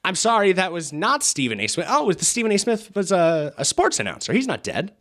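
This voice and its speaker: A man hosting a comedy podcast, with a deadpan, mock-formal game-show delivery. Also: high voice, brisk. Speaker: podcast host.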